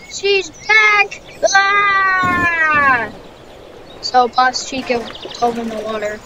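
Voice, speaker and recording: A woman improvising a story over gameplay in a rambling, distracted way, full of fillers, with loud noise behind her. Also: a little high.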